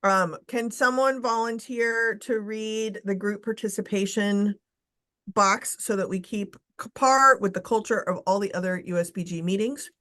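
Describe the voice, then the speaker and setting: A woman chairing a committee meeting on a video call, brisk and casual, blunt, with the odd swear word. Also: medium pitch, fairly even intonation, a bit bright.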